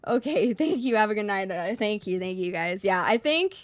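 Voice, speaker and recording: A woman's voice: medium pitch, lively intonation, moderate pace, no room sound. A woman streamer chatting casually over a game, gushing with squealing exclamations and rambling, self-correcting sentences.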